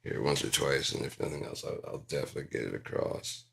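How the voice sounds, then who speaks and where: Deep, gravelly male ranter; wide-ranging, profane, rambling delivery. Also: fast, fairly bright tone. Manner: swears constantly, jumps between topics, mimics voices.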